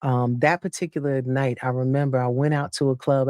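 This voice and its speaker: A woman from New Jersey, a guest telling a lively personal story in casual chat, acting out other people's voices and laughing often. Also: a bass voice, fairly quick.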